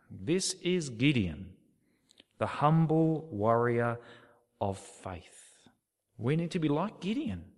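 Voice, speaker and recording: A man's voice: mid-range voice, very animated, slow pace, long pauses, a little mellow. A man preaching a sermon, reading scripture aloud with dramatic expression. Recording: long hall reverb.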